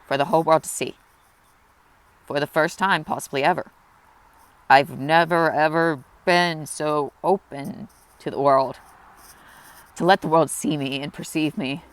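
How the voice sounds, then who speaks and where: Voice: medium pitch, steady tone, a little slow, pauses often, clear, resonant tone. A person in their twenties speaking earnestly and openly in a confessional personal vlog, reflective and emotional. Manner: emotional, close to tears at times. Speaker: vlogger.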